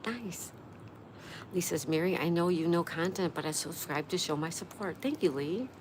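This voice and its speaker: A woman's voice: on the low side, normal speed, a little hiss or hum. A woman hosting a casual livestream, reading viewers' comments aloud in a chatty, friendly manner. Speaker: livestream host reading chat.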